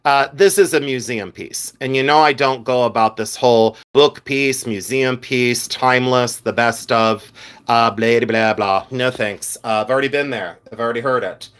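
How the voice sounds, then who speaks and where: A man's voice: mid-range voice, normal speed, fairly bright tone, clear, resonant tone. Middle-aged male reseller, mid-range voice, frank and fed-up, filler-heavy casual livestream talk. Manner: blunt and exasperated, with frequent "uh" fillers. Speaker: vintage jewelry reseller hosting a livestream.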